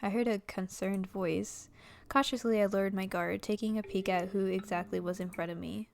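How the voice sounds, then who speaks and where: A young woman gamer reading a visual novel aloud, excitable and giggly, squealing and swearing as she reacts. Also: mid-range voice, normal speed, creaky, soft background music.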